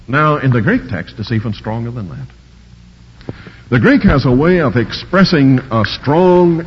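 A man's voice: fairly high pitch, breathy edge. A man preaching a sermon, emphatically repeating key words and explaining Greek grammar in a scholarly way. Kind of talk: sermon expounding scripture. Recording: dull lo-fi recording with long hall reverb.

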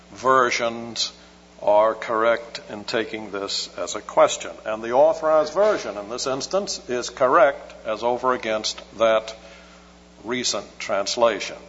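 Measured scholarly man preaching in a hall. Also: medium pitch, a bit bright. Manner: measured, scholarly, dry humor. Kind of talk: expository sermon. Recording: muffled hall recording with hum.

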